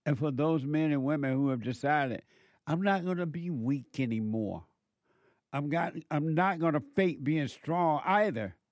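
A man giving a preachy political commentary monologue, slow and emphatic, exhorting his listeners. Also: fairly high pitch, darkish tone, dry recording.

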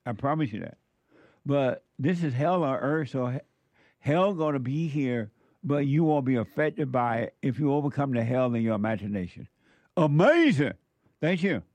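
A man's voice: medium pitch, expressive, moderate pace, darkish tone, no echo. Male host, close dry mic, urgent repeating spiritual pep talk, says "amazing" a lot. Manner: repetitive, exclaims "amazing", preacher-like urging. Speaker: show host answering viewer messages. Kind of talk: casual live-stream chat with religious advice.

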